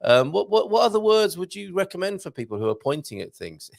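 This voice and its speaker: Male morning-show host, gravelly voice, animated delivery, chummy and encouraging. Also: high voice, a little fast. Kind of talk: casual morning show chat.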